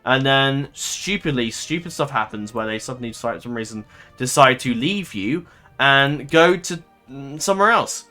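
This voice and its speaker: A man's voice: mid-range voice, expressive, moderate pace, pushed and bright, soft background music. A man giving casual let's-play commentary, thinking aloud in a rambling way, swearing and laughing easily. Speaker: gaming commentator.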